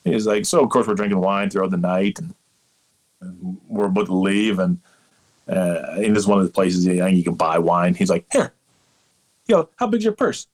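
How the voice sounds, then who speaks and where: A man in his thirties from Canada, talking in a fairly low voice as a guest in a casual interview. He rambles through stories with lots of animation and eager asides. The tone is easygoing and chatty. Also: flat delivery, normal speed, a little mellow. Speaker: umpire guest.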